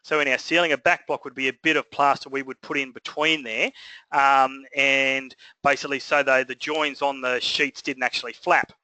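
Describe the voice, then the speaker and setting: A man's voice: medium pitch, flat delivery, moderate pace, sharp tone, no room sound, low-quality recording. A man with an Australian accent teaching a trades lesson in a rambling, conversational way with many fillers. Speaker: building trades instructor. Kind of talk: casual recorded lesson.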